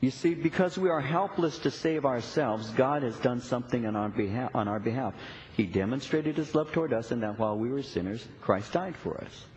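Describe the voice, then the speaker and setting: A man's voice: mid-range voice, expressive, brisk, few pauses, a little mellow. A middle-aged man preaching a sermon as a pastor, earnest and emphatic, with frequent repetitions. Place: church sanctuary. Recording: echoey, dull church recording.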